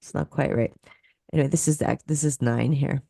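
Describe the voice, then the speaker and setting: Low, gravelly-voiced woman lecturing. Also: steady tone, a little fast, warm tone, no room sound, clean studio sound. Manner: explanatory, counts beats aloud, laughs at her own slips. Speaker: musicology professor presenting. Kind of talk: lecture over video call. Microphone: video call.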